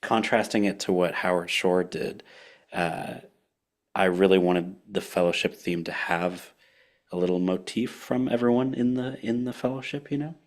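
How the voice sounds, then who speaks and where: Deep-voiced male composer, laid-back, explains his music with lots of ums. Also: moderate pace. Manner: relaxed, explanatory, with many fillers. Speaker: soundscape composer. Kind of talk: casual group chat.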